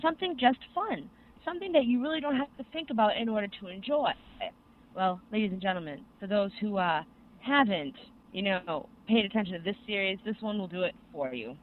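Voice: mid-range voice, brisk, a little hiss or hum. Rambling young podcast co-host, tinny sound. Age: young adult. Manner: rambling, excitable storytelling with many fillers. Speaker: co-host reviewing anime. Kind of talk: casual podcast chat.

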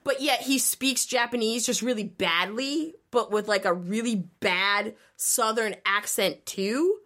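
A woman's voice: a little high, unhurried, fairly bright tone. A young woman on a podcast, chatting casually and animatedly retelling a show, peppering her talk with "like".

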